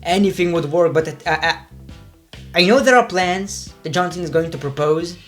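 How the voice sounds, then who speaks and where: A man's voice: sits high, moderate pace, soft background music. A man giving casual, rambling wrestling predictions, swearing freely and cutting himself off mid-sentence. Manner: profane, rambling, self-interrupting.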